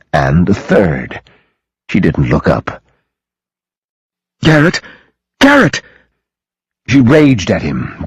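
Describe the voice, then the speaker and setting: A man reading an audiobook in a dramatic, expressive way, close to the mic. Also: lowish voice, slightly rough, no echo, rough recording. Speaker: audiobook narrator. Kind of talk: scripted audiobook narration.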